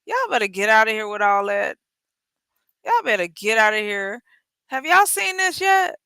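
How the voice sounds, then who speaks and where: A woman's voice: fairly high pitch, sing-song, normal speed, bright, forceful tone, smooth, no room sound. A woman hosting a casual livestream, talking bluntly and jokingly with her chat, teasing and swearing freely. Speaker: livestream host.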